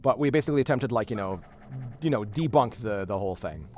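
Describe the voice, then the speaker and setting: A male streamer with a lowish voice talks fast while hosting a game stream, rambling through an animated story full of restarts and fillers. A slight hiss or hum runs underneath.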